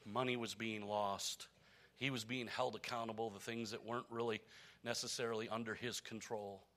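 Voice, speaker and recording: With a medium-pitched voice, a pastor delivers a sermon to his church as a story, lurching from soft, hushed passages to loud, raised ones.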